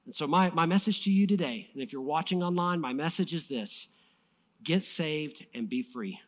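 A pastor preaching a sermon in a church, fired up and swinging between loud emphasis and soft-spoken moments. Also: male voice, fairly high pitch, expressive, normal speed.

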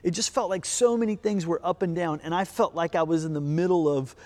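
A man's voice: fairly high pitch, fairly quick, a little mellow. A man preaching a sermon as pastor, earnest and emphatic, asking rhetorical questions.

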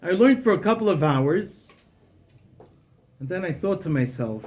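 A man telling a story as a rabbi, with animated narration. His voice sits fairly high for a man and swings between loud and hushed passages. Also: measured pace. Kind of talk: oral storytelling.

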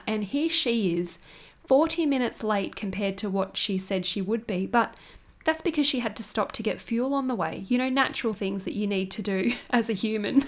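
A young woman hosting a podcast, telling a personal story candidly and emotionally, laughing often. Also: medium pitch. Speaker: podcast host.

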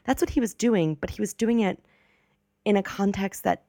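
A woman's voice: medium pitch, moderate pace, vocal fry, dark tone, no room sound, studio quality. A woman in her twenties hosting a podcast, telling a story in a rambling, chatty way that keeps correcting itself. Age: 20s. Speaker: podcast host. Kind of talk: casual storytelling monologue.

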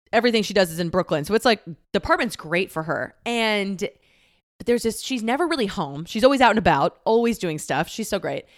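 A young woman hosting a podcast, chatting candidly about her own life in a lively, laughing way with casual swearing. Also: on the high side. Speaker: podcast host. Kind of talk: candid personal storytelling.

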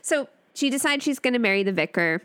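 A young woman co-hosting a podcast, recapping a book's plot casually with animated, laughing asides. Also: on the high side, quick pace, clean tone. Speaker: podcast co-host. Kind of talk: casual book chat.

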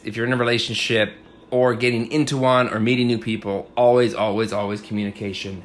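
A man's voice: mid-range voice, fairly even intonation, moderate pace, a bit bright, a little hiss or hum. A man hosting a casual podcast, giving blunt, profane relationship advice in a frank, chatty way. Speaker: podcast host. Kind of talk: casual chat.

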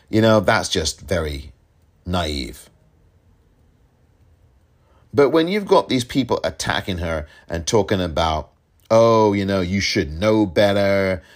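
Male podcast host, low voice, lively emphatic delivery, exasperated commentary. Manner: emphatic, exasperated, repeats points for stress. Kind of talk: solo political commentary.

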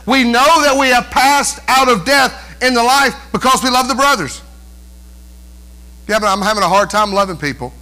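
Male pastor, high voice, preaching a lively sermon, often drops into mocking whiny impressions. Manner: animated preaching, mimics whiny voices, calls for amens.

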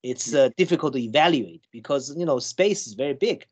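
Halting man explaining with many restarts. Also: mid-range voice, expressive, breathy edge. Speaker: scientist guest. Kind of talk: conversational explanation.

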